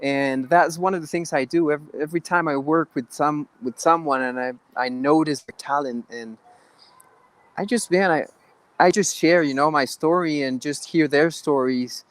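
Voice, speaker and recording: A man answers interview questions in an earnest, halting way, often restarting his sentences. His voice sits a little high, and the sound is dry and close. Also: no room sound. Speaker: actor guest. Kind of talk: interview conversation.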